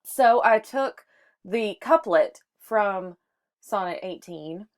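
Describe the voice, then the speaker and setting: A woman's voice: mid-range voice, lively intonation, slow. A woman teaching a short lesson on poetry, explaining step by step with some fillers and restarts. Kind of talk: microteaching lesson on sonnets.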